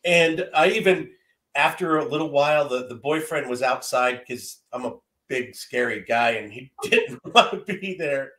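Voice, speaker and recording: A man's voice: medium pitch, lively intonation, normal speed, bright, forceful tone. A man in his fifties telling a heartfelt personal story as a guest, earnest and often repeating words as he gathers his thoughts. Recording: roomy echo.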